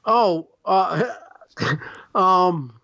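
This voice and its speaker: A man's voice: high-pitched, animated, drawn-out words, bright, forceful tone, lo-fi sound. A man from Chicago, a guest on a podcast interview, talking in a rambling, emphatic and profane way. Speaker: guest artist.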